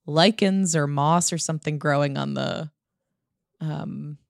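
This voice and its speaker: A woman's voice: low-pitched, creaky, dry recording, studio quality. A woman hosting a podcast, chatting casually and teasing her co-host. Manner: teasing, quick to laugh.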